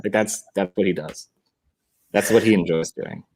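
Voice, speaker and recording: A man's voice: low-pitched, moderate pace, gravelly, a little mellow. A young man on a video call, chatting casually and rambling, laughing often and swearing. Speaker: podcast guest.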